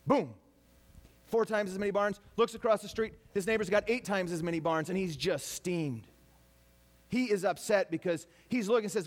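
A man's voice: high-pitched, a little fast. A man preaching a sermon to his congregation, talking animatedly and acting out people's complaints in quoted voices. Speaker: pastor.

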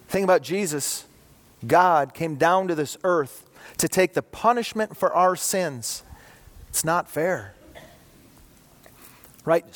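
A middle-aged man preaches in a high, light voice, keeping the sermon conversational and checking in with the room through rhetorical questions. His words carry a long reverb, as if recorded in a large church hall. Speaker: pastor.

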